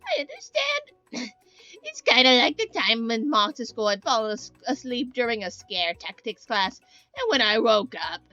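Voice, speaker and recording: A woman voicing a lonely, chatty male spork monster in a slow, sinister, clown-like drawl. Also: on the high side, big pitch swings, pushed and bright, no room sound, muffled recording, soft background music. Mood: creepy chatty.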